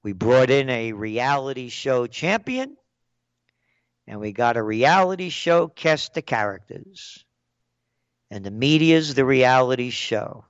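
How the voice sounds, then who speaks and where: A man's voice: medium pitch, expressive, slow, no echo. An older man giving an angry, sarcastic political rant as a commentator, punchy and blunt, in a dull, dry recording.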